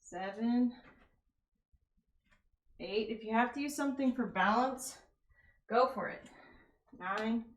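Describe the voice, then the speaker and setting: A woman's voice: fairly high pitch, slow pace, long pauses, roomy sound. A woman leading a live workout class, counting reps and giving casual, encouraging form tips while out of breath. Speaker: fitness coach.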